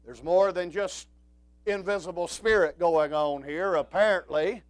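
A man preaching a sermon, swinging from quiet talk up to shouted preaching. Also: high voice, measured pace, no echo.

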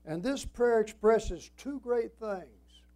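An animated man with a high voice preaches at an evening church service, slow and deliberate, his strong preaching cadence moving between emphatic rises and hushed drops.

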